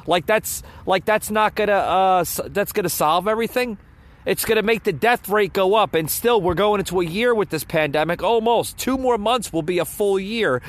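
A man's voice: high-pitched, a bit bright. A man hosting a casual political commentary podcast, rambling and stumbling over his words with frequent chuckles. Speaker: podcast host. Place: near a road with passing cars.

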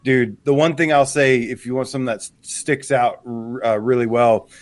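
A male co-host with a mid-pitched voice who chats eagerly about games. He laughs often and restarts his sentences. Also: steady tone, moderate pace, no room sound. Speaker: podcast co-host. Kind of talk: casual live show banter.

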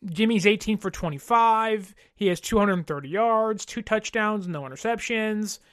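A woman in her thirties hosting a sports podcast, ranting in an exasperated, animated way with mocking mimicry. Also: medium pitch, moderate pace, no echo, studio quality. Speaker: podcast host. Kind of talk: casual sports podcast rant.

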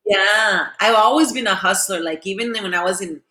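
Guest spot: chatty woman in her late 30s, bright voice, mixes Spanish into English, roomy echo. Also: mid-range voice, normal speed. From San Diego, US. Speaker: TV host and actress, guest. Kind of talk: casual chat.

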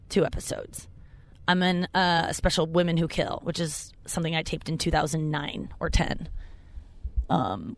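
This podcast host and comedian has a creaky voice with a darkish tone. A young adult woman talking from her car, she rambles through a self-mocking story casually, her pitch leaping high whenever she quotes someone.

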